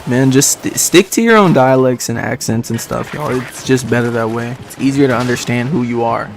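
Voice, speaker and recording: A man's voice: mid-range voice, normal speed, gravelly, slight background noise. A man in his twenties from Detroit, chatting casually with stream viewers in a rambling way, laughing often and filling with "like". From Detroit, United States. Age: 20s.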